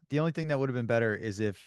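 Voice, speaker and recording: A man co-hosting a podcast, speaking calmly with dry humor in a casual chat. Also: medium pitch, fast, smooth, no room sound. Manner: calm, dry-humored, brief replies. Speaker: podcast co-host.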